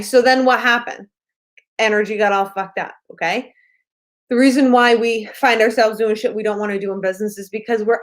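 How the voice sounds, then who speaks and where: A woman with a fairly high voice gives a casual talk as a business coach. She is blunt and profane, pressing her points again and again with emphatic repetition.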